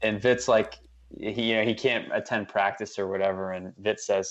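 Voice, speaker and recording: A man's voice: fairly low pitch, fairly even intonation, moderate pace, dull audio. A man co-hosting a casual sports podcast, talking loosely with lots of fillers and restarts. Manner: loose, rambling, frequent fillers. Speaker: podcast co-host.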